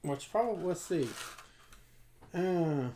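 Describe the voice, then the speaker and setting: Male player, animated and quick to joke. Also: sits high, slight background noise. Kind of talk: casual tabletop game chat.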